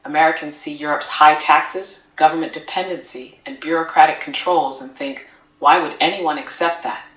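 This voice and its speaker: A synthetic woman's voice speaking as a doting AI assistant, calling the listener sweetheart and talking in measured, list-like phrases. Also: sits low, fairly bright tone, roomy sound, low-quality recording. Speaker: AI chat assistant. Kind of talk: affectionate scripted-sounding replies.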